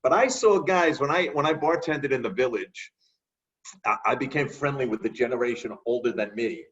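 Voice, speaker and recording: A man telling lively stories in a casual conversation. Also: medium pitch, normal speed, distant mic, highs cut off. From New York. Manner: animated, acts out voices in his stories. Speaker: guest.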